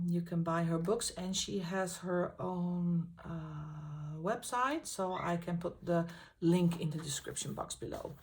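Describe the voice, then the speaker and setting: A woman, hosting a colouring channel and paging through her books in a casual, enthusiastic way, pausing often on fillers. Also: lowish voice, a little hiss or hum. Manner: enthusiastic, halting with frequent fillers. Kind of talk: casual book flip-through.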